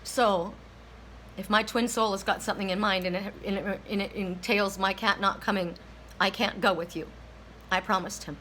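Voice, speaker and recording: A woman's voice: mid-range voice, fairly even intonation, normal speed, a bit bright, a little hiss or hum, poor audio. A woman tarot reader telling a personal story, emotional and near tears, often repeating herself and restarting her sentences.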